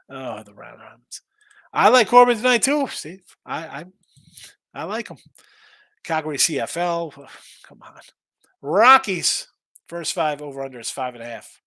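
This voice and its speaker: A man hosting a live betting show in a loose, rambling way, with plenty of restarts and repeated words as he reads viewers' messages aloud. His voice sits a little high for a man and sounds close and dry, with almost no room sound. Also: a bit bright, dry recording. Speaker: sports betting show host. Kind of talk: casual live-stream betting talk.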